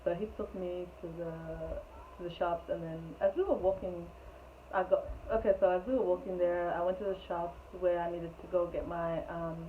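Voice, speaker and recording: A woman telling a storytime vlog in an animated, rambling way, full of "like", on a tinny, phone-like recording. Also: on the low side, moderate pace. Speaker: vlogger. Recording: tinny phone-like sound, faint hiss.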